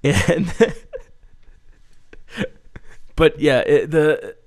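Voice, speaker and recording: A man's voice: lively intonation, drawn-out words, a little mellow. A man in casual chat, telling rambling stories loosely with lots of swearing and fillers. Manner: mimics people's voices in a high, singsong pitch when quoting.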